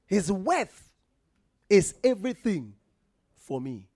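A man's voice: a little high, very animated, slow, pauses often, darkish tone, no echo, studio quality. A man preaching a sermon in a church, reading scripture aloud and quizzing the congregation for answers.

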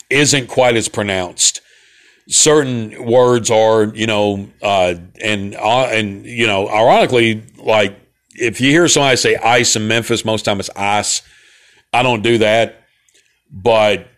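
A man in his forties with a thick central Alabama drawl hosts his own show, chatting in a loose, meandering way. His voice sits fairly low, and he talks folksy and unhurried, full of fillers and side tracks. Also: a bit bright. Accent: Southern US, central Alabama. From Southern United States. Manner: laid-back, folksy, digressive with many fillers. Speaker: host of a talk broadcast. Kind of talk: casual rambling monologue.

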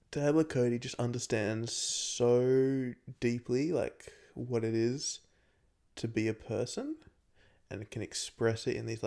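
Young man, podcast co-host, creaky gravelly tone, casual earnest chat. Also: medium pitch, dark tone. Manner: earnest, gushing about films.

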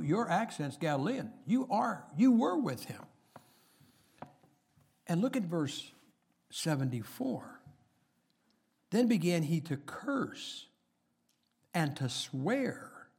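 A middle-aged man preaching a sermon, chatting with the congregation and reading scripture aloud with rising emphasis. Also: on the high side.

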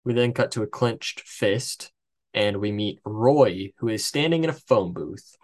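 Over a headset mic, a podcast host recaps a film plot from his notes, casual and chatty with swearing and joking asides. His voice is lowish and darkish, with lively intonation and a measured pace.

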